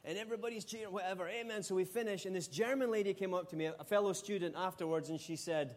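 A middle-aged Scottish man from Scotland, preaching a sermon with animated, humorous storytelling. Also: high-pitched, fast, few pauses. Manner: animated, humorous storytelling with sudden loud outbursts. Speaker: pastor.

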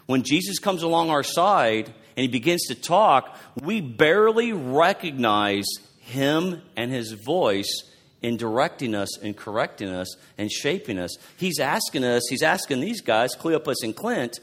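A male pastor giving a fervent sermon, preaching loudly at close to a yell. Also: medium pitch, sing-song, moderate pace. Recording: long hall reverb.

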